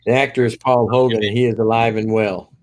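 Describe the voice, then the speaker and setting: A man's voice: fairly low pitch, little pitch movement, brisk, background noise. A man co-hosting a live stream, chatting easily, laughing often and reading out viewer comments. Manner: easygoing, laughs often, reads chat aloud. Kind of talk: casual chat.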